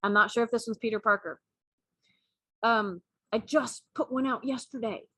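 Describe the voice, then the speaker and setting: A woman co-hosting a chat show, telling a story in a casual, animated way and laughing often. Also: on the high side, moderate pace, no echo. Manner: animated, laughing, acts out cat and mouse voices. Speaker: podcast co-host.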